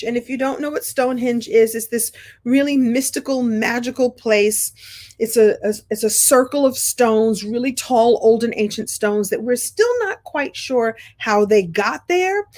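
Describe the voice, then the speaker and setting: Animated middle-aged Brooklyn woman. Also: on the high side. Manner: animated, chatty, with frequent restarts and throat clearing. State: congested sinuses. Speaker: host of a coaching program. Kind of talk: casual storytelling to an online group.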